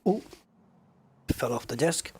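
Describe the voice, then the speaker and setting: A slightly high male voice with lively intonation and a slow pace, heard over a noisy background. At his home desk with a joystick, this streamer plays a space game and chats casually with his viewers, calling them "guys," thinking out loud and humming while waiting.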